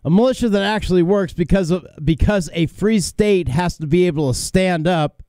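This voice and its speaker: A man's voice: high voice, normal speed, warm tone, no echo. A man hosting a talk radio show, delivering an opinionated monologue in a combative, emphatic way, with fillers and repeated words.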